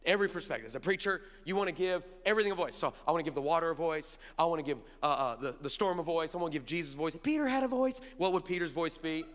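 High-voiced preacher man in a reverberant hall. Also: rapid-fire, hardly any pauses. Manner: animated storytelling with asides to the crowd. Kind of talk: sermon.

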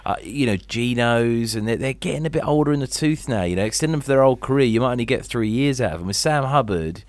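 A man's voice: medium pitch, lively intonation, quick pace, dry recording. A man co-hosting a podcast, rambling and joking in casual banter. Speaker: podcast co-host.

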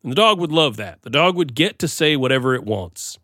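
A man's voice: mid-range voice, animated, brisk, sharp tone, no room sound, clean studio sound. A man co-hosting a comedy podcast, talking in a rambling, playful, self-deprecating way. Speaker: podcast co-host. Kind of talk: casual comedic chat.

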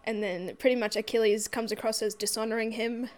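A woman's voice: fairly high pitch, steady tone, a little fast. A woman in a casual book discussion, rambling through a plot retelling with lots of "like".

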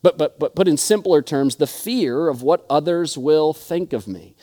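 A man's voice: a little high, moderate pace, warm tone. Earnest young male pastor preaching. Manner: earnest storytelling with repeated restarts. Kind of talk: sermon.

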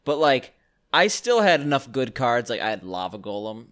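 A man co-hosting a podcast, joking and quick to laugh in casual banter over a call. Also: medium pitch, big pitch swings, fairly bright tone. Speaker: podcast co-host. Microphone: remote call.

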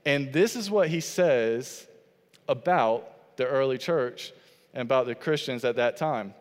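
A man's voice: medium pitch, unhurried, long reverb tail. A man preaching a sermon as pastor, earnest and repetitive, quoting scripture and building phrase on phrase.

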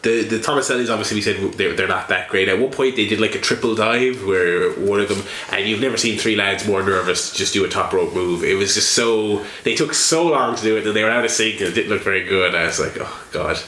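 A man's voice: fairly low pitch, brisk, few pauses, pushed and bright. A man co-hosting a casual podcast, rambling and amused, often restarting his sentences. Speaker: podcast co-host. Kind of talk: casual chat. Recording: echoey room, faint hiss.

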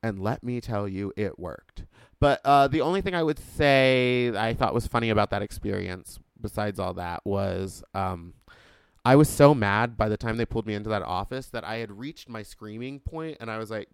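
Animated man ranting on a podcast. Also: medium pitch, fairly quick, smooth, no room sound. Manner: animated, swings from loud outbursts to quiet. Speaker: podcast guest host; drag queen. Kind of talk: casual storytelling rant.

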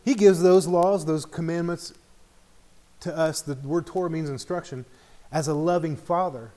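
A man's voice: a little high, steady tone, moderate pace, warm tone. A middle-aged man teaching an informal Bible study in a conversational way, often checking in with the group.

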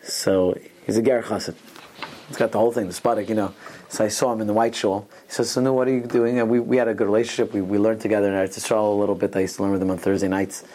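A man's voice: on the low side, little pitch movement, very fast, dark tone, a little hiss or hum. Man teaching an informal Torah class. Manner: digressive storytelling with Hebrew and Yiddish terms; frequent restarts and asides.

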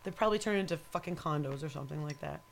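A woman with a lowish voice talks in a loose, rambling way. She is opinionated and curses freely. Laughter often breaks into her speech. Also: racing, vocal fry, slight background noise. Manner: laughs often while talking. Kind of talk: casual chat.

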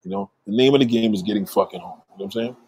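A man's voice: on the low side, big pitch swings, rapid-fire, vocal fry, darkish tone, breathy edge, no room sound. A man talking straight into the camera, blunt and profane, rambling as he gives advice. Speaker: vlogger giving advice. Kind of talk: casual monologue.

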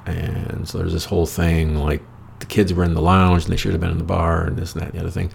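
Very gravelly deep-voiced American man. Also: little pitch movement, quick pace, a little hiss or hum. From United States. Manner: rambling, profane, wry. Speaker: storyteller host. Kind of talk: casual anecdotal storytelling.

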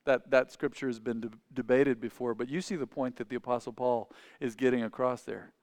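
Male pastor, mid-pitched, dry close sound, conversational sermon with questions to the pews, loud peaks and quiet asides. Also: fairly even intonation, a little fast, no echo. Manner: conversational, asks the congregation questions; swings between loud emphatic and quiet asides.

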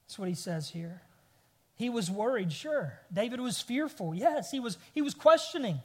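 A man's voice: extremely high pitch, lively intonation, normal speed, darkish tone. A man in his thirties preaching a sermon, telling a family story with rising bursts of emphasis. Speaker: pastor. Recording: long hall reverb.

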